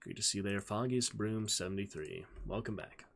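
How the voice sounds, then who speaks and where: A male streamer who greets his chat in an upbeat way and reads a story aloud in a steady narrating voice. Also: fairly low pitch, fairly quick, vocal fry, slight background noise.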